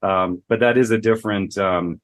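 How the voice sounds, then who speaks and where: A man with a lowish voice hosts a podcast conversation, thinking out loud with plenty of "you know" fillers. The sound is dry and close, with no room around it. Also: fairly even intonation, moderate pace, no echo. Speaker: podcast host.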